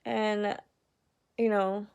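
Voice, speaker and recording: A young woman speaks to her viewers in a casual personal vlog, her delivery narrow and monotone. Her voice drags with gravelly vocal fry at a middling pitch. She rambles candidly, leaning on "like" and sounding upset. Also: very slow. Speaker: vlogger.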